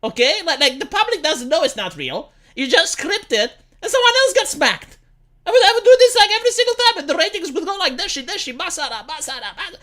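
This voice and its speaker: A woman's voice: very high voice, big pitch swings, a little fast, a bit bright. A woman live streamer doing casual reaction commentary, sarcastic and profane, often stumbling over repeated words.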